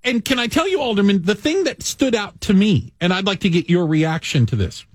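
A man hosting a morning radio show, joking and animated. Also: sits high, a little fast, breathy edge, no room sound, clean studio sound. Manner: animated, joking, lively delivery.

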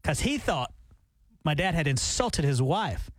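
A man co-hosting a morning radio show, chatting casually and telling animated stories. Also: on the high side, a little slow.

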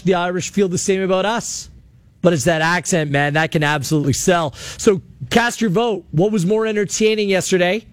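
A man hosting sports talk radio, chatty and animated, taking calls from listeners. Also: sits high, no room sound. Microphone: studio mic.

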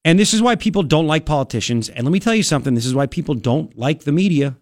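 A man's voice: on the high side, lively intonation, quick pace, dry recording, clean studio sound. A male talk radio host giving an emphatic, ranting political commentary.

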